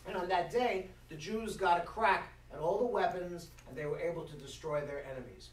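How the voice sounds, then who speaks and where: A man shares a story as a humorous Shabbat sermon in a synagogue sanctuary, with plenty of playful asides to those gathered. He talks fairly quickly in a high voice. The recording is distant and echoey, with faint noise.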